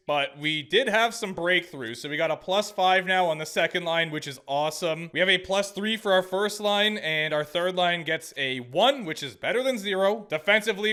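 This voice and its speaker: A man's voice: high voice, bright, forceful tone, smooth. A young man commentating his own sports video game season, chatty and sarcastic, talking back at the screen. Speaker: gaming commentator. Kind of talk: gameplay commentary.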